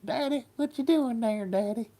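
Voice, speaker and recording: A man voicing his big male pet dog, a playful Great Pyrenees, in a high sing-song Southern accent. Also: normal speed, warm tone. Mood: curious.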